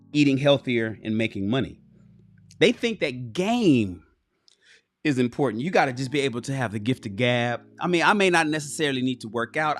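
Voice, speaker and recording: Animated, swearing livestream host man. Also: mid-range voice. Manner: animated, swears freely, talks straight to the chat. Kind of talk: casual commentary livestream.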